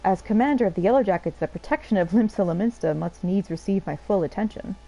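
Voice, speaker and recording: A woman's voice: mid-range voice, quick pace, dark tone, dull audio, faint music behind, natural voice. A woman reading the lines of a formal male city guard commander in a stiff, formal way.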